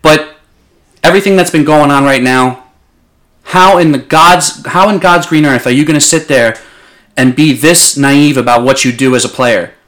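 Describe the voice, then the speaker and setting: A man's voice: mid-range voice, fairly bright tone. A young man in casual sports talk as a podcast co-host, passionate and blunt, swearing freely.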